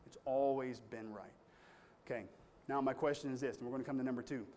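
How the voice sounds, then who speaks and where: A man's voice: medium pitch, fairly even intonation, fast, darkish tone. A man pastor preaching a sermon in an earnest, conversational storytelling way with strong emphasis.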